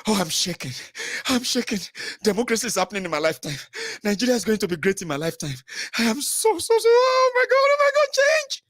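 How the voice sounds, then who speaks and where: A man's voice: very high-pitched, wildly swooping pitch, fast, a bit bright, no room sound, studio quality, pitched above the performer's own voice, exaggerated voice. A man mimicking a shrieking, giddy party supporter. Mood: ecstatic. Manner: shrieking, gasping disbelief. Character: overexcited male political supporter, giddy and tearful.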